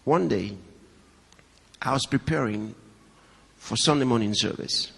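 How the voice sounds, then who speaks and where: Man, pastor, sermon, slightly raspy, dramatic loud-to-hushed swings, long hall reverb. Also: unhurried. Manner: swings between raised, high emphasis and hushed low storytelling; addresses a live congregation with questions and asides.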